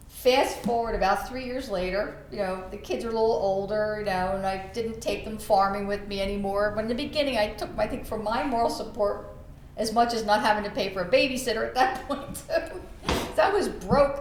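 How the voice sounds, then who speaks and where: A middle-aged woman, a podcast host and realtor, telling a story in an animated, laughing way. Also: mid-range voice, moderate pace. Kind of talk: storytelling in casual chat. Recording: echoey room with faint background noise.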